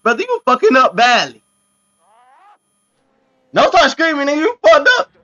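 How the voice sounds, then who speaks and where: Man, reaction host, very high voice, swooping animated delivery, exclamatory slang. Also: a little slow, lo-fi sound. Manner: excitable, exclamatory, profane slang. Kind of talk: casual reaction commentary.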